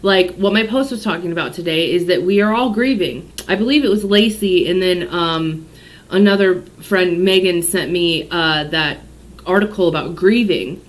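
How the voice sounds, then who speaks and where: A woman's voice: on the low side, moderate pace. A woman psychic giving a casual daily tarot and astrology reading, rambling off on tangents and swearing freely.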